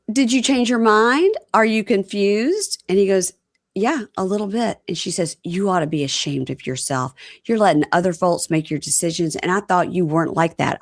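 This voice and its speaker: Co-host, woman, lower register, lively storyteller who mimics the people she quotes. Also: dry recording, clean studio sound. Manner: animated retelling, acting out quotes. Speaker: podcast co-host recapping reality TV. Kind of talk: casual chat.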